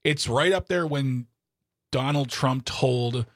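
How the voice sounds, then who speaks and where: A man's voice: medium pitch, slow, no echo, clean studio sound. A man from Wisconsin co-hosting a political talk show, opinionated and sarcastic, with exasperated outbursts.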